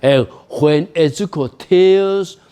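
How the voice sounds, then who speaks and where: A man lecturing on a novel at a university, explaining slowly with frequent "you know" and "okay?" asides. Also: fairly high pitch, dark tone, clear, resonant tone.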